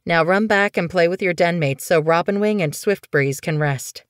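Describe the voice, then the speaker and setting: A young she-cat warrior, caring and protective, speaking gently but with a firm edge, as a woman reads her. The voice is close and dry. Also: lowish voice, moderate pace, smooth, no echo, natural voice. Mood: gentle. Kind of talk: audiobook character voice.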